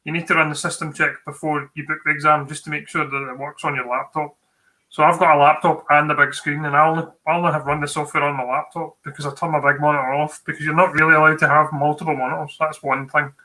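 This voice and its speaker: A Scottish man with a slightly high, sharp voice co-hosts a tech livestream, giving exam tips in a chatty, informal way full of fillers and restarts. The recording quality is low.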